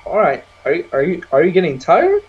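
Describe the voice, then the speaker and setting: A young man co-hosting a casual podcast over a video call, loud and slangy, swearing and laughing often. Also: fairly high pitch, wildly swooping pitch, brisk, slightly rough, phone-quality sound. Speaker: podcast co-host.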